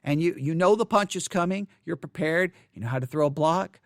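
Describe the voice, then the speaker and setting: A man's voice: fairly high pitch, fairly quick, dry recording, studio quality. A man who teaches the Bible, talking to camera in a frustrated, repetitive rant. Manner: frustrated, ranting, repeats himself. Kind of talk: unscripted video monologue.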